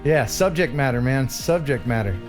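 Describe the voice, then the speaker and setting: Lively host, faint music behind. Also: male voice, mid-range voice, normal speed. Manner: animated, chuckling storyteller. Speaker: livestream host. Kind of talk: casual chat.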